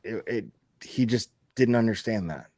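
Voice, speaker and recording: A man's voice: on the low side, normal speed, darkish tone, no room sound, clean studio sound. A man hosting a casual chat, venting heatedly and swearing often, repeating himself as he talks. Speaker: YouTube channel host.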